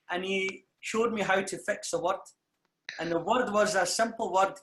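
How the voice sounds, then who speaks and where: A man's voice: high voice, normal speed, reverberant. A man with a Glasgow accent, a singer telling stories in a casual interview and acting out what others said. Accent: Glasgow Scottish. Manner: lively storyteller who acts out what others said.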